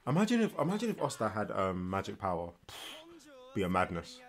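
A man's voice: lowish voice, brisk. Tired, chatty man reacting. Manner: animated, chatty, slangy asides, repeats himself. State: tired, yawning. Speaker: anime reaction host. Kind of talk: casual reaction commentary. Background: faint anime soundtrack.

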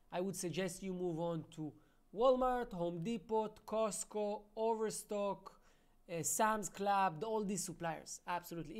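A man's voice: sits high, a little mellow. A man hosting a live webinar Q&A, reading out viewer questions and answering them in a casual, friendly way. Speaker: webinar host.

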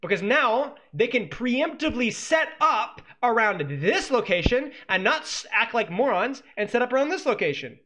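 A man analyzing a match replay as a coach, quick to exclaim and talking straight to viewers. His voice sits high and bright, with wide swings in pitch. He sounds energetic and pointed. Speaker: esports coach. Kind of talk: game replay analysis commentary.

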